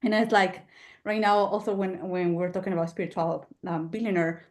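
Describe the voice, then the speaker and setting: A woman hosting a podcast interview, talking in a heated, animated way and swearing freely. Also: fairly low pitch, brisk. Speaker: podcast host. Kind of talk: casual interview chat.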